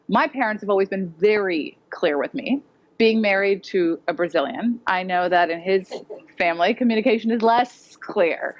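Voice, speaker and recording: A woman educator giving a direct, practical conference talk to parents. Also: mid-range voice. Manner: direct, practical, acts out quoted voices. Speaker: educator presenting. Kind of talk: conference presentation. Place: conference hall with audience.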